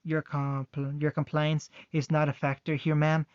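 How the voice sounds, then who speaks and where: A man's voice: on the high side, monotone, a little slow, clear, resonant tone, dry recording, close to an everyday voice. A man voicing a cold, formal military spokesman who stays stiffly polite, on a dull, dry recording.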